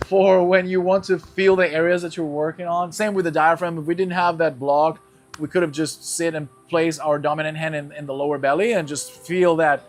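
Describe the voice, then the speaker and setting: A man teaching a guided breathing lesson, explaining each step and checking in with his class as he goes. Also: a little high. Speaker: breathwork instructor.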